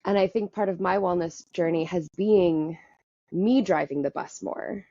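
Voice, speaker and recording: A woman's voice: lowish voice, a little slow, vocal fry, warm tone, no room sound, dull audio. A woman guest on a podcast, talking candidly and in a rambling way, often laughing at herself. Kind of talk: candid conversational storytelling.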